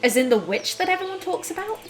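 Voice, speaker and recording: A woman's voice: extremely high pitch, sing-song, fast, over music, voice pushed up. Woman reading a thoughtful young heroine. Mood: reflective. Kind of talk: voiced game reading.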